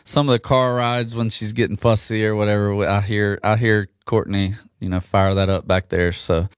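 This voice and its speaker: A man talking casually as a guest musician on a radio show, relaxed and rambling with restarts. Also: lowish voice, moderate pace, smooth, no echo, studio quality.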